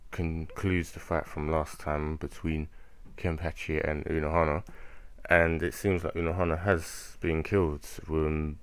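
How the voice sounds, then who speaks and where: A man's voice: extremely low pitch, smooth, dry recording. A young man giving a casual spoken review of a manga chapter, rambling with lots of fillers and self-corrections.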